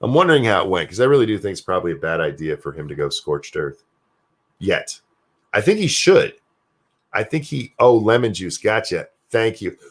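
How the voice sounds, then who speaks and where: An older American man with a deep, low-pitched voice that swings widely in pitch as he talks. He hosts a solo live stream in a loose, rambling way, swearing freely and answering viewer chat as it comes in. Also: sing-song, normal speed, breathy edge. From United States. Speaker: show host reading live chat.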